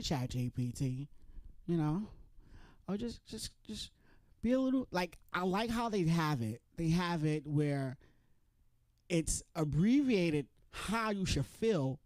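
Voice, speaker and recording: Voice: medium pitch, darkish tone, no room sound. A stand-up comedian from New York, with a New York accent, doing a chatty open mic set and acting out other people's voices. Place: comedy club stage.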